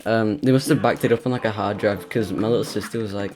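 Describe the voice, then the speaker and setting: A man's voice: fairly low pitch, fairly even intonation, fast, darkish tone. A British man rambling through a personal story while playing a video game, with many fillers and restarts. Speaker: let's play gamer. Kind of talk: casual gameplay chat and storytelling. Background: game music.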